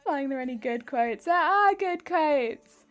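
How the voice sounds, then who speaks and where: Giggly high-voiced woman streamer. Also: expressive, unhurried, fairly bright tone, faint music behind. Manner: giggly, laughs often; playful, reads and answers chat. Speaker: livestreamer. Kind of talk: casual chat with stream viewers.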